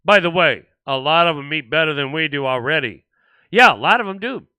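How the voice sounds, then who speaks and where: Animated, sarcastic man ranting. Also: on the high side, brisk, clean tone, no room sound. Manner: animated and sarcastic, mocking other voices. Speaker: livestream show host. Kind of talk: political rant on a livestream.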